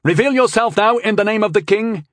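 A stern young knight mage, as a male narrator puts him on, brusque and commanding. His orders come in a raised, higher voice with lively swings in pitch. The sound is close and dry. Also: brisk, no room sound.

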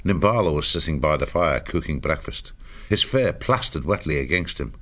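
A man narrating an audiobook chapter in a measured storytelling delivery. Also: a bass voice, lively intonation, fairly bright tone.

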